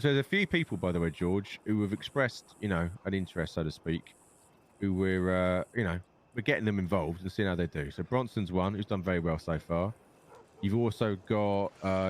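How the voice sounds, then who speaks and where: A deep-voiced man from London speaks at moderate pace, swearing a lot as a rambling storyteller in in-character roleplay chat, where he plays a gang leader.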